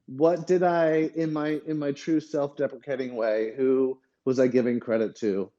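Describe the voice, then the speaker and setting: Mellow-voiced man, halting podcast chat. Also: mid-range voice, level tone. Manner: rambling, hesitant, full of fillers and restarts. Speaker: podcast co-host. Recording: dull lo-fi audio.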